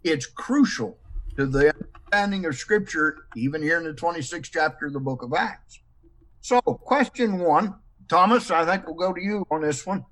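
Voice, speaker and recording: A man's voice: a little high, animated, normal speed, fairly bright tone. A man moderating a Bible study panel discussion, posing numbered questions and stressing words as he quotes.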